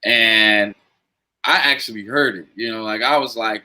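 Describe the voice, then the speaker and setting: A man's voice: lowish voice, unhurried, bright, forceful tone, low-quality recording. A man on a sports talk show, speaking hesitantly with many fillers. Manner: hesitant, full of "uh" and "you know".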